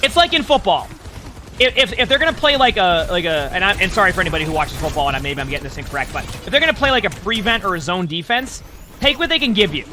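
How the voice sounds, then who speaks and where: A man's voice: high voice, animated, fast talker, bright, forceful tone, slight background noise. A man giving casual commentary and coaching tips while he watches a player's match, chatty and repeating himself often. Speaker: streamer coaching a spectated player.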